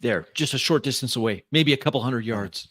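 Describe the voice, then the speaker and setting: Bright-toned male game master. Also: mid-range voice. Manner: measured, descriptive, with uh fillers. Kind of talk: narrating a tabletop game.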